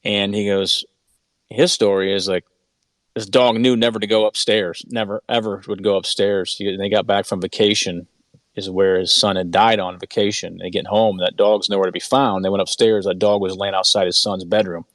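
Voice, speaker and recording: A man with a fairly low voice speaks as an interview guest, earnest and conversational. He often restarts and repeats words as he tells his stories. The recording is dry, with almost no room sound. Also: little pitch movement, normal speed, a bit bright, no echo. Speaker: author and guest.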